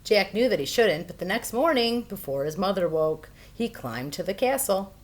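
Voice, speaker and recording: A woman reading a fairy tale aloud for children, expressive and playful. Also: mid-range voice, moderate pace. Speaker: storyteller. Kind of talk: children's storybook read-aloud.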